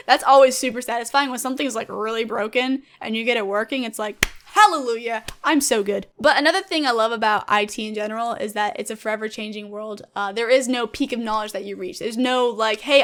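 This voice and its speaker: A young woman in her twenties chatting enthusiastically in a casual vlog about her past jobs. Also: a little high. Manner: chatty, enthusiastic, animated storyteller. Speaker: gaming YouTuber and streamer.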